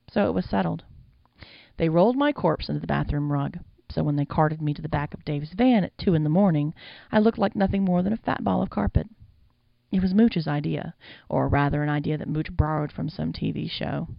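Woman reading an audiobook, wry storyteller, really gravelly voice, dry muffled sound. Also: deep voice, a little fast, no room sound. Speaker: audiobook narrator. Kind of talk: audiobook narration.

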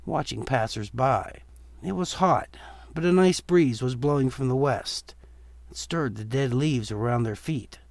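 A man reading a Halloween horror story aloud in a steady, measured storytelling voice. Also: mid-range voice, no room sound. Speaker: narrator. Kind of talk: storytelling narration.

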